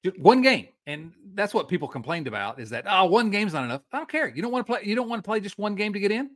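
A man's voice: high voice, fast talker. A man co-hosting a podcast, ranting in casual sports chat, stopping and restarting his sentences. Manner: animated, ranting, with frequent restarts. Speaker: podcast co-host.

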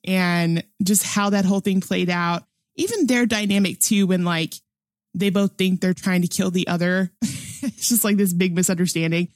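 A woman's voice: on the low side, fairly even intonation, moderate pace, no room sound, clean studio sound. A young adult woman chatting casually about a movie, enthusiastic and laughing often, with lots of fillers. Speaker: film discussion panelist. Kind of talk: casual film review chat.

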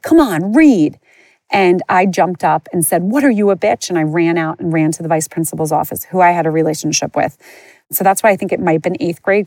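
Lower-voiced woman telling her story, dry sound. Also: gravelly, a little mellow, dry recording. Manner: candid, rambling, many fillers and restarts. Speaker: podcast host. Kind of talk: personal storytelling, casual chat.

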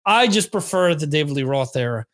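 A man's voice: on the high side, expressive, a little fast, fairly bright tone. A man hosting a podcast, telling rambling stories in a casual monologue, often cursing. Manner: rambling, profane storytelling. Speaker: podcast host. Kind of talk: casual monologue, answering listener questions. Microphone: on camera, streamed video.

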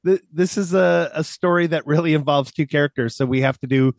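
A man's voice: fairly high pitch, fairly quick, dry recording, studio quality. A man co-hosting a podcast in casual chat, playful and teasing. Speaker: podcast co-host.

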